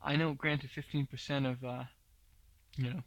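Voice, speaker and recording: A man hosts a tech news podcast in a casual, opinionated way and fills his talk with asides. His voice has a gravelly fry and stays fairly level in pitch. The recording is dry and close, with no room sound. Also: little pitch movement, moderate pace, dry recording. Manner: opinionated, blunt, many fillers. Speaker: podcast host.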